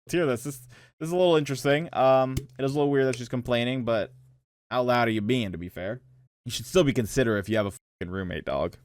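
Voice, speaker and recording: A man's voice: mid-range voice, fast talker, dry recording. A young man reading posts aloud and reacting in a laid-back, slangy, joking way, laughing often. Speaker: reaction streamer. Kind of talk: casual reaction commentary.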